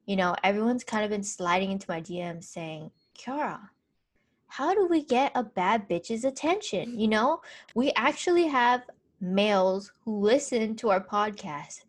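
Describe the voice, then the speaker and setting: A young adult woman co-hosting a casual podcast, animated, swearing freely and acting out quoted messages. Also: medium pitch, normal speed. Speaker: podcast co-host.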